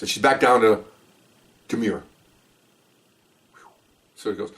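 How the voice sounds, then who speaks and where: A man's voice: mid-range voice, big pitch swings, moderate pace, long pauses, fairly bright tone, recorded from a distance. An older man, a retired police veteran, telling stories casually with many fillers and acted-out quotes. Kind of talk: casual storytelling.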